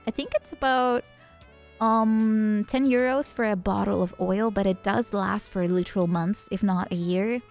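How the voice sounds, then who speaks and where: A woman's voice: mid-range voice, steady tone, unhurried, darkish tone, soft background music. A woman streamer chatting casually with her viewers, laughing often and greeting them by name. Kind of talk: casual livestream chat.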